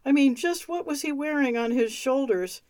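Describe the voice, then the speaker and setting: A woman's voice: high voice, moderate pace, darkish tone, no room sound, voice pushed up, natural voice. A woman reading the lines of a persistent, questioning husband in a memoir reading. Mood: insistent. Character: anxious husband, adult man.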